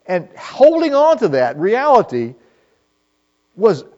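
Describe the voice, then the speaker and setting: Animated male preacher, lo-fi recording. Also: high-pitched, slow pace. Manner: earnest, conversational preaching with rhetorical questions. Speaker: pastor. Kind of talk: sermon. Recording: dull lo-fi sermon recording.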